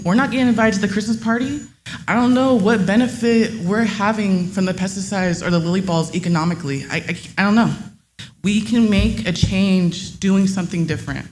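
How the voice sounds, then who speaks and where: A woman's voice: mid-range voice, a little mellow, slight background noise. A woman giving public comment at a meeting in a room, speaking with passion and partly reading a prepared statement. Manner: impassioned, reads a prepared statement.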